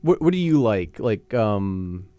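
A man's voice: lowish voice, takes it slowly, dry recording. A young man hosting a campus radio show, asking casual questions full of fillers, on a studio mic. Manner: relaxed, filler-heavy questions. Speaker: college radio host.

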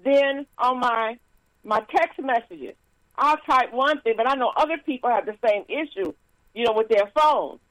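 A woman minister giving a casual sermon with stories and announcements, lively and laughing, with frequent praise interjections. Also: on the high side, moderate pace, dry recording, poor audio.

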